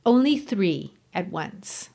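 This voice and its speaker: A woman's voice: medium pitch, sing-song, slow, gravelly, dark tone, full character voice. A woman voicing a proud young lady with an arch, airy delivery.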